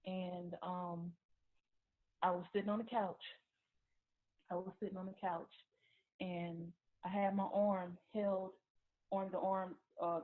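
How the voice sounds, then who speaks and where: A woman giving a personal testimony, talking haltingly with many restarts and repeated words. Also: mid-range voice. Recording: tinny phone-like recording.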